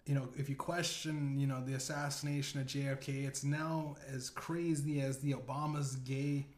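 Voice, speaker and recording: A man voicing a grizzled, older male conspiracy official with a scar, who briefs a meeting in a slow, deliberate way. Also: mid-range voice, little pitch movement, lightly acted. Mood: briefing. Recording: roomy echo.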